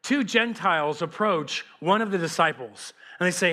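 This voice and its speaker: A man preaching as a pastor, animated and conversational, speaking straight to his congregation. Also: sits high, fairly quick. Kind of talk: sermon.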